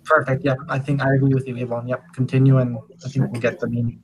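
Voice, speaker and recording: Male teacher, mid pitch, video-call audio, gently encouraging with frequent ums. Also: level tone, fast, a little hiss or hum, low-quality recording. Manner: encouraging, hesitant with fillers. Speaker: English teacher. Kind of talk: online class feedback.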